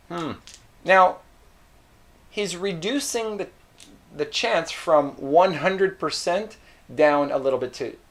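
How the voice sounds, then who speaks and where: A man teaching English, explaining phrases slowly and repeating example sentences. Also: a little high. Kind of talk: slow explanatory English lesson.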